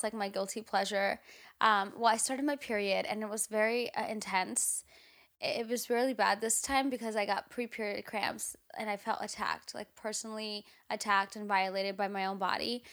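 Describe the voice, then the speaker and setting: A woman's voice: medium pitch, fairly bright tone. A young woman in her twenties chatting casually as a podcast co-host, swearing freely and saying "like" a lot. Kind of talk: casual chat.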